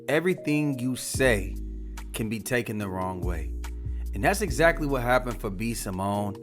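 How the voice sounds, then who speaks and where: A man's voice: mid-range voice, a bit bright. A man hosting a commentary show, talking candidly and casually as he gives his opinions. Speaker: commentary channel host.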